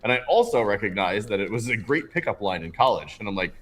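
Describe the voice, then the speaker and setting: A man's voice: on the low side, fast talker. A man in his thirties co-hosting a casual show, telling stories and acting out other people's lines. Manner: animated storyteller, acts out voices in anecdotes. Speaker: podcast co-host. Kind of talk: casual chat.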